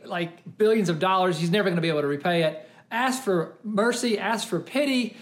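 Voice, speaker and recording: A pastor preaching a sermon and retelling a parable with lively, exclaiming storytelling. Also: mid-range voice. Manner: animated storytelling, often exclaiming.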